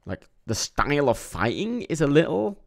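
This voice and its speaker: A young man casually reviewing films, rambling, swearing often, with sudden animated bursts and a tired edge. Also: on the high side, moderate pace, vocal fry. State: a bit tired. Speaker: film reviewer. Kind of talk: casual monthly movie review vlog.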